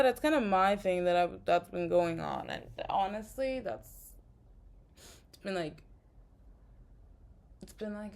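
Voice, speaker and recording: Medium-pitched and creaky with a darkish tone, her voice comes with slight background noise. The vlogger rants casually to camera, tired and exhausted, frustrated and rambling, leaning heavily on fillers.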